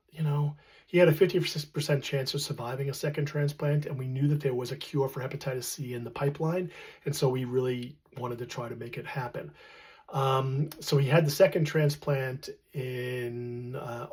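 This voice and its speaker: A middle-aged man recounting a personal story in a reflective, earnest way, pausing often with fillers. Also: medium pitch, darkish tone, breathy edge. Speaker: storyteller recounting his late partner.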